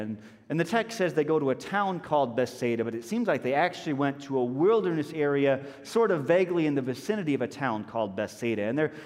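A man preaching a sermon as a pastor, telling stories with lively, acted-out voices. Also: on the high side, big-room sound. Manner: animated storytelling, acting out voices of people in the story.

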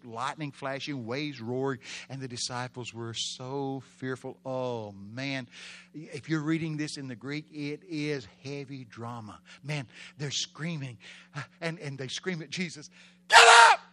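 Bright, dramatic male preacher. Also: mid-range voice. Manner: dramatic, shifts between loud exclamations and hushed storytelling; call-and-response with congregation. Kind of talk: sermon.

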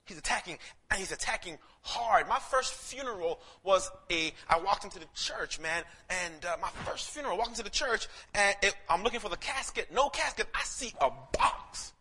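Animated young male preacher, high bright voice. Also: normal speed, hardly any pauses, husky. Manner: animated storytelling, slips into quoted voices, frequent restarts; casual slang. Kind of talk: sermon.

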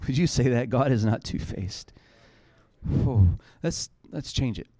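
A man's voice: medium pitch, lively intonation, a little slow, warm tone, no room sound. A man in his thirties preaching a sermon, earnest and conversational, building to fervent passages. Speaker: pastor.

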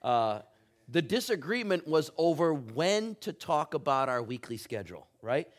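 A middle-aged man preaching a sermon, telling a funny personal story with animated, humorous delivery. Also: on the high side, a little slow. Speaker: pastor.

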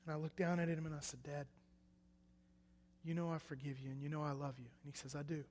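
A young man preaching a personal testimony, swinging between loud emphatic bursts and hushed quiet lines. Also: fairly high pitch, level tone, fast, slight background noise. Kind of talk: sermon testimony. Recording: echoey hall reverb.

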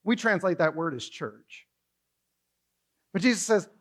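Male pastor, slightly high voice, animated sermon delivery with stammered restarts. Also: measured pace. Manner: animated, acts out dialogue, some stammering restarts. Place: church stage.

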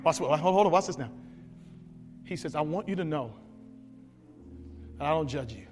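A man preaching a sermon, telling stories with big shouts and sound effects. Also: fairly high pitch, normal speed, big-room sound, faint music behind. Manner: animated storytelling, shouting at peaks, sound effects. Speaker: pastor.

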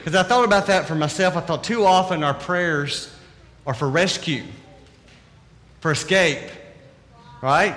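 A man with a Southern drawl preaches in an earnest, conversational way and often poses questions to his listeners. His voice sits a little high. The sound carries a long reverb from the hall. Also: measured pace, pauses often, a bit bright. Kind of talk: sermon.

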